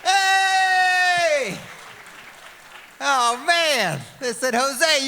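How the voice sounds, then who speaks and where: A man in his thirties with a high, bright voice hosts a gala and tells quick comic stories, slipping into quoted voices. His voice rings out with a long hall reverb behind it. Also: a faint crowd. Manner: lively storytelling with acted-out quotes. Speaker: event emcee and comedian. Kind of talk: stand-up comedy between program segments. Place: large event hall.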